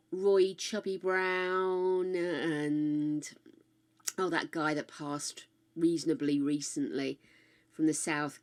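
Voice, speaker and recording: Older British woman streamer, casual and frank, swears freely, chats while gaming. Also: fairly low pitch. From United Kingdom. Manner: chatty, frank and swearing freely, with playful asides to chat.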